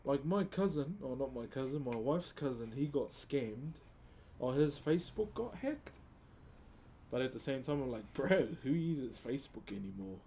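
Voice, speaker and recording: A man's voice: medium pitch, expressive, normal speed, warm tone, slight background noise. A laid-back man from New Zealand with a New Zealand accent, chatting casually with his live-stream viewers while he carves wood and calling them bro.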